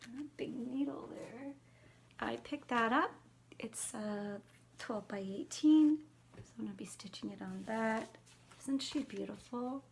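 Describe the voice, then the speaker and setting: A middle-aged woman chatting casually about her cross-stitch haul, chatty and excitable. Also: on the high side, unhurried, vocal fry.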